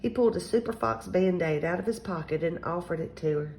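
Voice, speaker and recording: Woman, storyteller, children's book read-aloud, gentle, steady, lowish pitch, gravelly. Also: fairly quick, rough recording.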